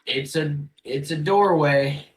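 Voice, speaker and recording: A man's voice: on the high side, poor audio. Easygoing male game master. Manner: loose and halting, full of "um" and "like". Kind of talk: narrating a tabletop game.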